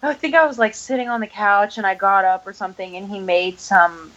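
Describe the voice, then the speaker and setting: A young woman in casual chat, quickly and indignantly recounting something. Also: medium pitch, fairly even intonation, a bit bright, muffled recording.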